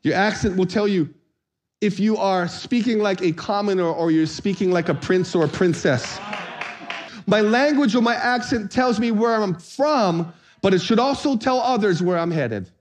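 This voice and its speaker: A man preaching a sermon as pastor, energetic and playful, calling on the congregation to answer back. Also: high voice, normal speed, slight background noise.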